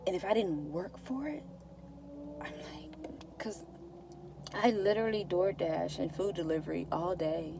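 A woman speaks straight to her viewers in a low-pitched, heartfelt voice. She repeats herself and sounds close to tears. A faint hum of ambient noise sits behind her. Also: moderate pace, gravelly. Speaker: vlogger. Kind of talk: emotional casual vlog to viewers.

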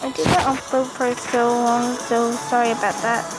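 A woman's voice: on the high side, flat delivery, moderate pace, low-quality recording. A woman giving playful commentary while gaming, giggling and making sound effects over game music. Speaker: gamer.

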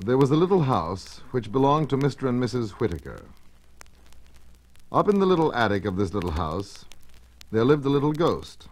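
A man narrating children's stories on a storybook record, in an expressive, measured storytelling manner. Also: mid-range voice, rough recording.

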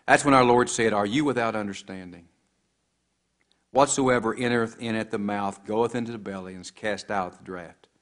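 Low-voiced man preaching a sermon. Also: fairly bright tone. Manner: preaching with scripture quoted in old English, rising and falling emphasis.

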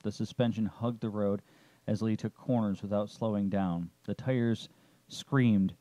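A man narrating a story chapter in a steady, descriptive way. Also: lowish voice, unhurried, dry recording, rough recording.

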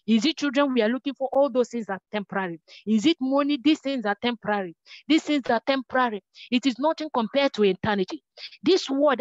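High-voiced woman preaching. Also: dry recording, muffled recording. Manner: earnest, repetitive preaching with prayers. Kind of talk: sermon.

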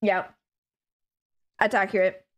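A woman streaming live, chatting casually and excitedly with her viewers, giggling often and thanking them warmly. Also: mid-range voice, takes it slowly. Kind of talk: casual chat to a live audience.

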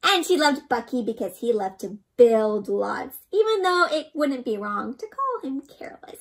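A woman reads a picture book aloud to young children. She is warmly animated and often stops to ask them questions. Her voice is high and swoops widely across her range. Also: normal speed, few pauses. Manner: animated, speaks to the listening children as "my friends". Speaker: children's storyteller. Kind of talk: interactive read-aloud for kids.

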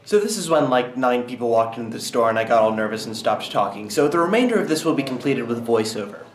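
Young adult male vlogger, mid-pitched, dry jokey asides, roomy sound. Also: very animated, quick pace. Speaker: college student vlogger. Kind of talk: casual vlog and voiceover.

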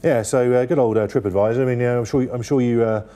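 Man, mellow chatty voice. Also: mid-range voice, steady tone, fast talker. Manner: rambling, many fillers and restarts. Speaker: newspaper review guest. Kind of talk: casual chat.

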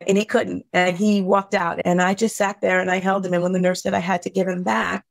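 A woman's voice: lowish voice, little pitch movement, gravelly, dry recording. Earnest woman telling a painful story. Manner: earnest, heartfelt, halting at painful moments. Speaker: podcast guest. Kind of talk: emotional personal storytelling.

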